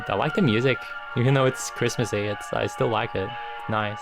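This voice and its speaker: A man streaming a game, swearing casually, reading aloud and thinking out loud. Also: on the low side, fairly even intonation, normal speed, creaky. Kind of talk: casual let's-play commentary. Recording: game music playing behind.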